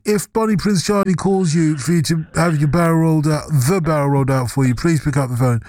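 A man hosting a radio phone-in show, excitable and bantering with his callers. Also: a little high, fairly quick, few pauses, no echo, clean studio sound. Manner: excitable, bantering, exclaims often. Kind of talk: lively radio chat with callers. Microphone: studio microphone.

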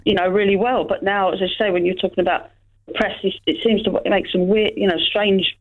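A woman's voice: mid-range voice, steady tone, a little fast. Woman on a tinny phone line, hesitant, lots of you knows, about football. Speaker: podcast panelist. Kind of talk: casual chat.

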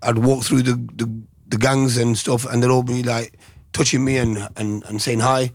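A man's voice: medium pitch, flat delivery, moderate pace, no room sound, clean studio sound. A middle-aged man, a former boxer, giving reflective interview answers with restarts. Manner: soft-spoken, reflective, with restarts.

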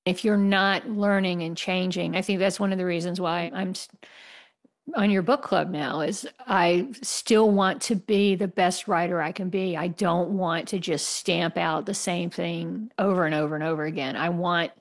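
A woman's voice: on the low side, fairly even intonation, normal speed. A woman from the United States, an author answering interview questions in a candid, passionate way and laughing wryly. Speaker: author guest.

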